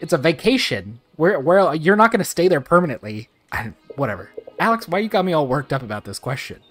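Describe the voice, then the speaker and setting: A man giving excitable let's-play commentary, talking straight to his viewers and ranting playfully. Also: medium pitch. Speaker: gaming video creator.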